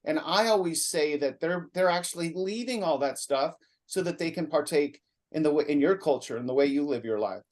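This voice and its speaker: Talkative man podcast host, slightly high voice. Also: lively intonation, brisk. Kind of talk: interview hosting.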